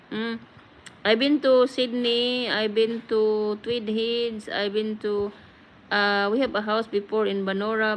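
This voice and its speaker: A woman's voice: mid-range voice, fairly bright tone, slight background noise, rough recording. A woman from the Philippines hosting a casual live-stream chat, greeting viewers by name in a chatty, friendly way. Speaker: livestream host. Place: home in Australia.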